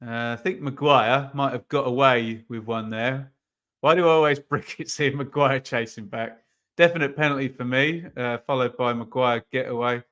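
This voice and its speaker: A man's voice: medium pitch, steady tone, normal speed, fairly bright tone. A man running a live football watch-along, chatting casually about the match and reading out viewer comments.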